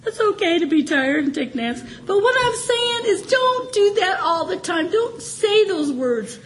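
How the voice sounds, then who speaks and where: A middle-aged woman giving an informal sermon testimony, animated and laughing, swinging from excited exclamations to low murmurs. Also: unhurried, poor audio. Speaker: church speaker.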